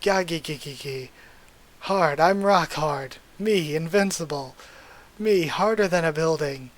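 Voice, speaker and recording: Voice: medium pitch, a little slow, natural voice. A manga reader voicing a boastful, cackling male thug villain with broken speech.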